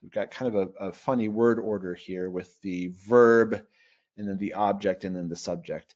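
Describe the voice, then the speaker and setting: A man with a fairly low voice teaches in a live online webinar, moving through Greek grammar step by step. He reads slowly and measuredly and often thinks aloud. The audio is muffled and lo-fi, as from a computer microphone on a web call. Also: fairly even intonation, darkish tone. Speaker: Bible software trainer.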